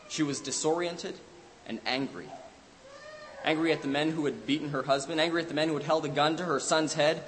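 A man's voice: medium pitch, a bit bright. A man preaching a sermon, telling a story dramatically, with his voice swelling for emphasis and then dropping away. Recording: hiss in a reverberant hall.

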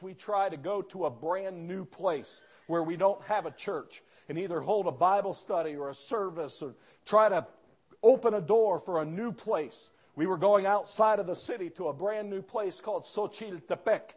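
A male pastor with a high-pitched yet darkish voice preaches a sermon, telling a story with quoted dialogue and rising into fervent outbursts.

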